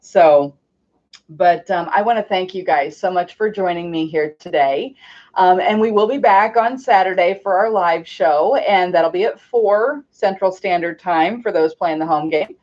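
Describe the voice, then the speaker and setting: A woman hosting a card reading channel, talking casually and gently to her viewers. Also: lowish voice, measured pace, lo-fi sound. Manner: gentle and chatty, cooing at her puppies. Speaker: tarot reader and channel host.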